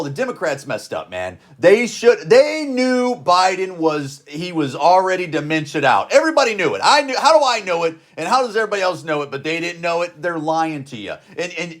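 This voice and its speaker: A man in his forties hosting a podcast, ranting bluntly in casual slang and repeating his points. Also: high voice. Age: 40s. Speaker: podcast host. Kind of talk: casual opinion rant.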